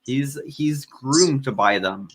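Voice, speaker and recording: A man's voice: medium pitch, very slow, a bit bright, breathy edge. A man hosting a podcast in casual chat, talking in a rambling, profane way. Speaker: podcast host.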